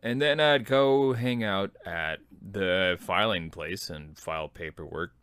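A man's voice: low voice, slow pace, fairly bright tone, clear, resonant tone, no room sound. A man in his thirties telling personal army stories in a laid-back, self-deprecating, rambling way. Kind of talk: personal storytelling.

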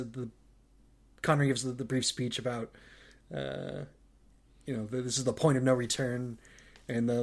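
A man's voice: medium pitch, a little mellow. Rambling man recapping a movie. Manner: rambling with many restarts and fillers. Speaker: podcast co-host. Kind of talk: casual movie discussion.

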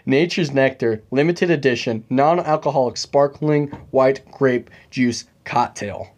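A man's voice: mid-range voice, a little slow, a little mellow. A young man hosting a casual podcast chat, joking and rambling with plenty of fillers. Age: young adult. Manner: chatty, joking, full of fillers. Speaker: podcast host.

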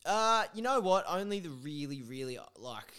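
A man's voice: a little high, very animated, normal speed, bright, forceful tone, smooth. An Australian man, a music producer and DJ, chatting casually as a podcast guest, swearing freely and laughing often. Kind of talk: casual chat.

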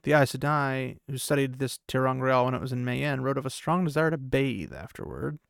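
A man's voice: mid-range voice, a little fast, creaky, no room sound, clean studio sound, close to an everyday voice. A man voicing a stern, noble-born sorceress who scolds in clipped, cold reproaches. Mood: severe.

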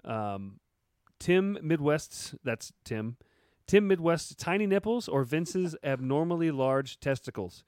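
A man's voice: a little high, lively intonation, slow, darkish tone, no echo, clean studio sound. A man hosting a casual podcast, joking around and reading listener questions aloud. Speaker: podcast host.

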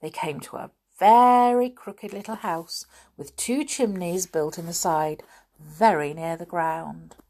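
Slow, expressive woman storybook narrator. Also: lowish voice. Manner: expressive, unhurried. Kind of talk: children's storybook reading.

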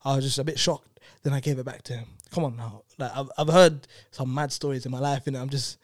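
A man's voice: medium pitch, fast, dry recording, studio quality. A young man, animatedly telling a personal story in casual chat, full of tag questions. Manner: animated, peppered with "innit" and "you know what I'm saying". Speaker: storyteller guest.

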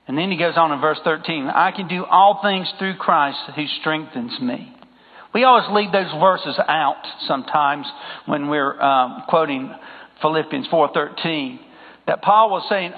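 A man with a fairly high, expressive voice preaches a sermon at a moderate pace, emphatically repeating phrases and putting questions to the congregation. The sound is phone-like, with long hall reverb.

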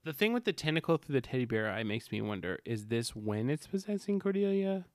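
A man's voice: mid-range voice, big pitch swings, brisk, no echo. A man co-hosting a podcast, chatting casually with playful asides and questions. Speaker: podcast co-host. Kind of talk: casual recap chat.

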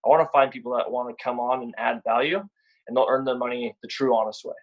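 A man's voice: medium pitch, steady tone, fast talker. Casual blunt young guy on a podcast, repeats words, sounds kinda dull and lo-fi. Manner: blunt, repeats words when starting sentences. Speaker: sales rep guest.

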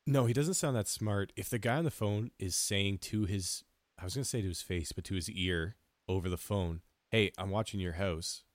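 A man's voice: lowish voice, normal speed, no echo. A man co-hosting a casual podcast, making wry, skeptical quips. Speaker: podcast co-host.

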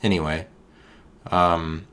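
Guy with a low voice rambling on his podcast, deadpan, wandering off topic. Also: takes it slowly, clean tone. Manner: meandering, deadpan absurd tangents. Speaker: podcast host. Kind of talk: rambling solo podcast musing.

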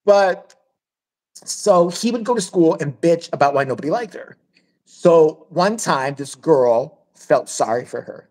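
A woman's voice: lowish voice, lively intonation, unhurried, darkish tone. A woman hosting a podcast, telling a crude, blunt story in casual chat and swearing freely. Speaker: podcast host.

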